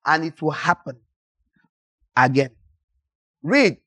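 Fiery, scolding preacher with a lively voice. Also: medium pitch, measured pace, no echo. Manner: impassioned, scolding, with sudden shouted bursts. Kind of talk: sermon.

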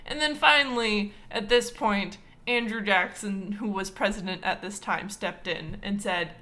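A woman's voice: mid-range voice, a little slow, hardly any pauses, sharp tone. A woman from Wisconsin hosting a casual history podcast, chatty and playfully indignant, with lots of fillers. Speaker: podcast host.

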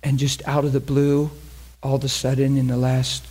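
A man's voice: medium pitch, completely flat delivery, moderate pace, a little mellow, breathy edge. A man preaching in a conversational, emphatic way, often repeating phrases as he teaches. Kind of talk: sermon teaching.

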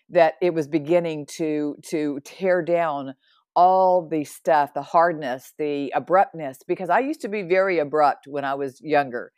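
A woman in her sixties, a podcast guest, sharing an earnest personal faith testimony in an animated way. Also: low voice, no room sound, clean studio sound. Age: 60s. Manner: animated and earnest, with laughs and asides.

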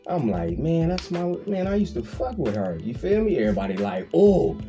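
A man, casually telling a story on a podcast. His voice is warm and mellow, and he keeps slipping into high, playful impressions of other people. Faint music plays underneath. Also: normal speed. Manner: animated storyteller, acts out quoted voices with big pitch jumps, laughs often, slangy.

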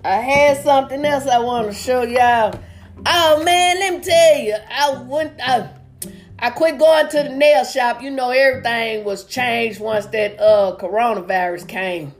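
Woman, high voice, folksy stand-up storyteller, video call. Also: a little slow, soft background music. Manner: folksy storyteller, acts out characters' lines. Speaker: stand-up comedian. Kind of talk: stand-up joke telling. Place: home, virtual comedy show.

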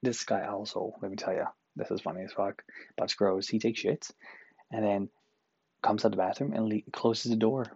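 A Newfoundland man hosts a solo podcast from an apartment room, ranting casually in an exasperated, profane way. His voice is lowish and creaky with a dark tone and a breathy edge, delivered at normal speed with fairly even intonation. The recording is dry and lo-fi.

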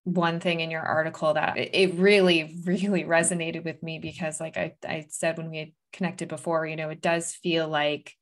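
A woman's voice: low voice, flat delivery, normal speed, hardly any pauses. Earnest woman podcast host. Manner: earnest, emphatic, with many likes and restarts. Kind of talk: candid conversation.

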